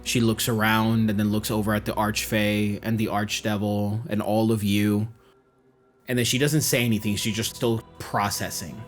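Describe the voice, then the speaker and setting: A man narrating a tabletop role-playing game as game master, with vivid description. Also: fairly low pitch.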